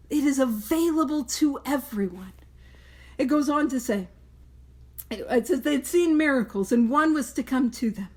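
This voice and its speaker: Her voice sits high, with lively intonation and a normal pace. She's a podcast host leading a study group, speaking earnestly and emphatically in a casual way and slipping in playful asides.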